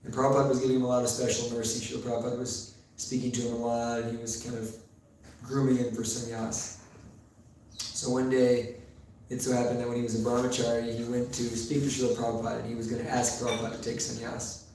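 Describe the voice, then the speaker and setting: In a temple hall, a male preacher gives a sermon, telling stories with pauses and fillers. His voice is medium-pitched, monotone, and a little mellow, recorded far from the mic in a very echoey room with faint noise.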